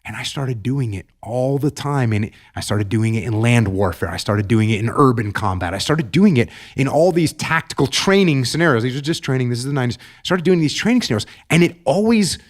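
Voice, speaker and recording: A man's voice: medium pitch, lively intonation, normal speed. A middle-aged man, a military veteran guest, giving earnest advice in an emphatic way, often repeating and restarting his words. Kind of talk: podcast storytelling and advice.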